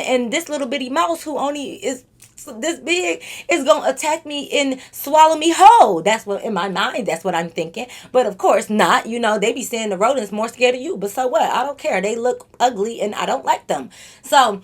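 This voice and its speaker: A woman vlogger telling a storytime monologue straight to her viewers, animated and freely cursing. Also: a little high, fairly quick.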